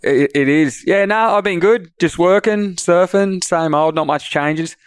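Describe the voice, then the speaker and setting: An easygoing man chatting on a podcast, his voice smooth and resonant. He laughs easily and makes fun of himself, heard close and dry with no room sound. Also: high voice, measured pace, dry recording. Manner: laughs easily, self-deprecating. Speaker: guest co-host, lifeguard. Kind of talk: casual podcast chat.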